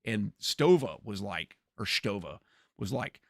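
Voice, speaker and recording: A man chatting casually on a gaming livestream, animated, often repeating words and laughing. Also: lowish voice, measured pace, creaky, dry recording, studio quality.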